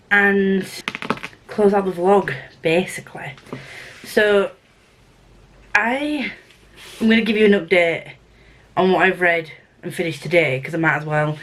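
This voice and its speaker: A young woman with a Yorkshire accent, chatting casually to camera as a book vlogger, rambling with restarts. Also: lowish voice. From Yorkshire, England.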